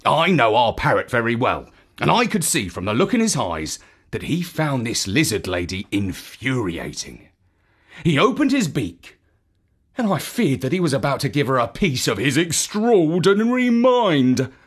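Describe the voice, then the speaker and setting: A woman reading a children's story aloud in an expressive storytelling manner. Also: a bass voice, moderate pace, husky.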